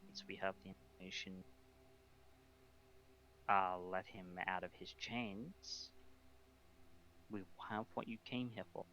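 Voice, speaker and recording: Whispered role-play: man as a persuasive vampire woman, slow and bright, muffled. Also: fairly even intonation, exaggerated voice. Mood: conspiratorial. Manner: low conspiratorial whisper. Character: scheming female vampire, hushed and persuasive. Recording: muffled lo-fi mic with faint hiss.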